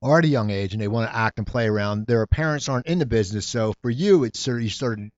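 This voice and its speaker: A man hosting an interview, talking quickly and conversationally as he prompts his guest. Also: medium pitch, dry recording, muffled recording. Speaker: host. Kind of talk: casual interview chat.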